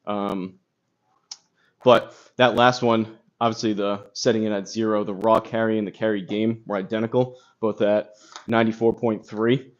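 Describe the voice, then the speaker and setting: A man's voice: lowish voice, little pitch movement, normal speed. A man casually chatting on a golf live stream, rambling with lots of fillers and reading chat comments aloud, recorded on a phone. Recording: slightly dull phone audio with crackle.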